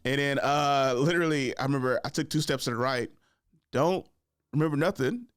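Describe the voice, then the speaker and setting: A man's voice: medium pitch, a little fast, smooth, dry recording, studio quality. A young adult man hosting a podcast, telling a casual story in loose, profane, laid-back slang. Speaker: podcast host.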